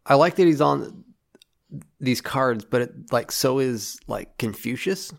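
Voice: mid-range voice, animated, measured pace, vocal fry. A podcast co-host in casual chat, with dry, wry humor.

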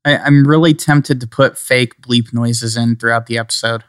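A podcast co-host jokes around in casual, rambling chat, sometimes dropping into playful put-on accents. His mid-range voice has fairly even intonation, a moderate pace and a fairly bright, clean tone, captured in a dry, clean studio recording.

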